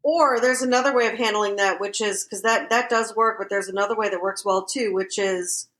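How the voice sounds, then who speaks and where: A woman's voice: medium pitch, brisk. A woman co-hosting a casual podcast chat, telling stories with lots of fillers and acted-out quotes. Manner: animated storyteller, acts out quotes. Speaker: podcast co-host.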